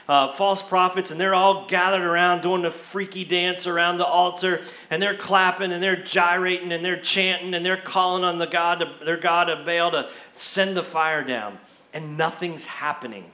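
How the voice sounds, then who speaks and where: A man preaching a sermon as pastor, telling the story in a lively, conversational way. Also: high voice, moderate pace, reverberant. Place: church.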